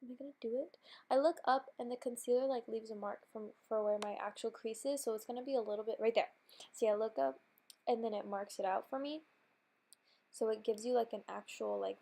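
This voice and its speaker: A young woman narrates a makeup tutorial in a loose, chatty way, full of little fillers. Her voice sits a bit high but sounds warm and mellow, with a gravelly fry, and she's nasal from a cold. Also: fairly even intonation, fairly quick. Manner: chatty and bubbly, lots of "like" and "um". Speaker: beauty vlogger. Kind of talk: casual makeup tutorial voice-over.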